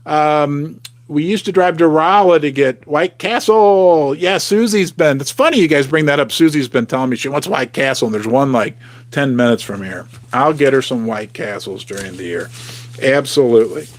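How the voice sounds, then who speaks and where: A chatty man hosts a casual livestream, answering viewers' comments as they come in. His voice sits a little high for a man, and it is recorded close with a dry sound. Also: moderate pace, dry recording. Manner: chatty, reads out live comments, animated outbursts. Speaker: livestream host.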